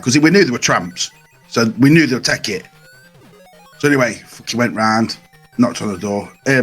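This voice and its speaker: A man, co-hosting a podcast and telling a story in casual, profanity-filled chat. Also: medium pitch. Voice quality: husky, swears a lot, animated storytelling. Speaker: podcast co-host.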